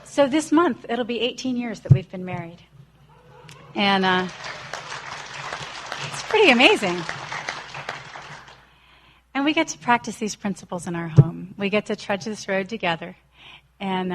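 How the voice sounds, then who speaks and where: A woman's voice: medium pitch, fairly bright tone, slight background noise. Woman in her forties, earnest storyteller sharing a recovery story, slips into the voices of the people she quotes. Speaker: recovery speaker. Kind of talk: personal recovery talk.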